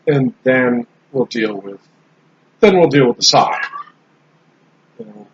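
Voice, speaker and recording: A man in casual podcast chat, talking in a relaxed, rambling way with frequent restarts. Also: mid-range voice, takes it slowly. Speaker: podcast host. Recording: slightly dull lo-fi sound with faint background noise.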